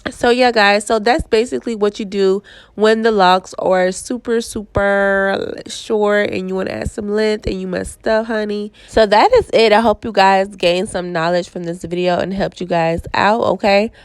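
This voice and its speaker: A woman's voice: medium pitch, steady tone, normal speed, clear, resonant tone, no echo. A young woman with a Southern US accent, stuffy and congested from a cold, chatting casually through a hair tutorial and checking in with "okay?". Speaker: hair stylist vlogger.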